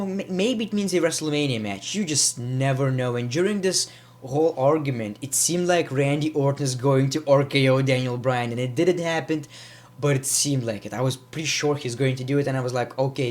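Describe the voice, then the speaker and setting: A man giving a casual, rambling wrestling review, with frequent restarts and repeated words. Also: mid-range voice. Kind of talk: casual vlog commentary.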